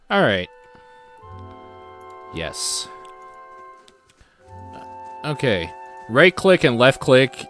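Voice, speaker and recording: Low-voiced man casually narrating his gameplay. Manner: relaxed, thinking aloud while clicking through menus. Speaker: let's-play streamer. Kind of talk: casual gameplay commentary and reading game text aloud.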